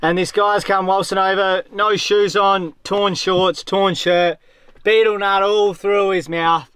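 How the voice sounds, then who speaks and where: A young man and sailing vlogger telling a story in a casual, animated way, leaning on "like" a lot. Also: high-pitched, a little slow, smooth, no room sound. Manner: animated, chatty, heavy use of "like".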